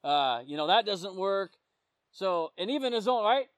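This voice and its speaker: A man's voice: high voice, lively intonation, moderate pace, no echo. A man who works as a police officer, giving an informal sermon and telling stories from the job. He talks conversationally and keeps checking in with his listeners. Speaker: police officer sharing testimony.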